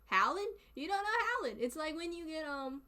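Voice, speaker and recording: A young woman from North Carolina with a Southern accent, chatting casually with her stream viewers, excitable and laughing often. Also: high voice, brisk.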